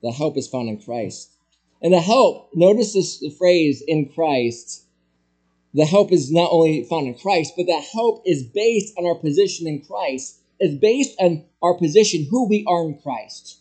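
A male pastor preaching a sermon, asking the congregation rhetorical questions and swinging between loud emphatic peaks and hushed, quiet phrases. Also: fairly high pitch, animated, unhurried.

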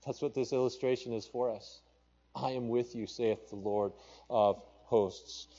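A man's voice: medium pitch, steady tone, a little slow, dark tone, highs cut off. A male pastor with a Papua New Guinean accent preaching a sermon and reading scripture aloud with rising emphasis. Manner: preaching with rising emphasis, quoting scripture in King James wording.

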